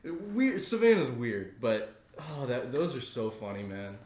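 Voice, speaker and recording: A young man tells funny stories on a podcast and slips into the voices of the people in them. His voice sits at a medium pitch, and he often laughs mid-sentence. The room is echoey. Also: measured pace. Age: young adult. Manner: animated, laughs while retelling, acts out voices in stories. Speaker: podcast co-host. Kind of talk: casual comedic storytelling.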